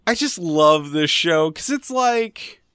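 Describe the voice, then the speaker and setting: A man chatting on an anime podcast, rambling and swearing freely. His pitch moves widely and his tone is bright. The sound is close and dry. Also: animated, takes it slowly, clean tone, no echo. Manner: rambling, crude, restarts often. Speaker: podcast co-host. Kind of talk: casual chat.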